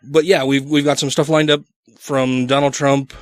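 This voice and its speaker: A man's voice: medium pitch, flat delivery, normal speed, dry recording, studio quality. A man co-hosting a casual podcast, bantering and swearing freely. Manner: profane, laughing banter. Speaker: podcast co-host.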